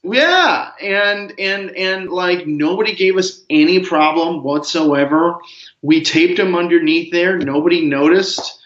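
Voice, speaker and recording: A man's voice: sits high, unhurried. A man, a comics writer as a guest, telling a rambling, joking story in a casual interview. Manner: rambling storyteller, animated jokes. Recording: roomy, dull lo-fi sound.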